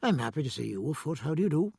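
A man reading as a courteous ship's doctor, polite and brisk, in a husky, lively voice. The recording is dry and close. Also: on the high side, dry recording, heavily acted.

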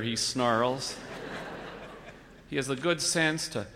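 A man reading a humorous story aloud with wry, measured narration and comic timing. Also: mid-range voice, noisy background. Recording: reverberant hall.

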